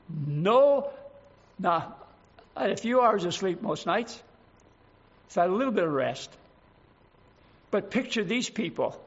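An older man preaching a sermon, slow and emphatic, lingering on single words. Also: sits high, breathy edge, dull audio.

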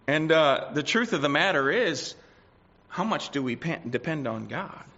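A man preaching a sermon, swinging between loud declarations and quiet asides. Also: a little high, expressive, normal speed. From United States. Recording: dull lo-fi recording.

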